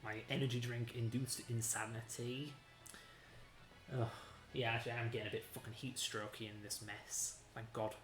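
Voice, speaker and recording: Very deep-voiced sweary woman streamer. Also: little pitch movement, normal speed, echoey room, faint music behind. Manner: blunt, sweary, sarcastic. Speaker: streamer playing retro games. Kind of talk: casual let's-play commentary.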